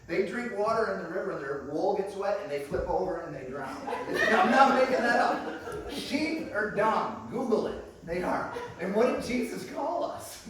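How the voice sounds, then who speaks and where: A man's voice: high-pitched, expressive, moderate pace, fairly bright tone, slight background noise. A man preaching to a congregation, enthusiastic and chatty, calling them friends and laughing often. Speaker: guest preacher. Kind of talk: sermon. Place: church sanctuary. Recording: echoey room picked up from a distance.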